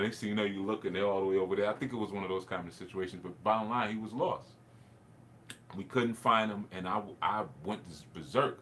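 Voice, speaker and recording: A man's voice: low-pitched, fairly bright tone, a little hiss or hum. A man, a spiritual teacher, telling a personal story in a rambling, reflective way, with laughs and restarts.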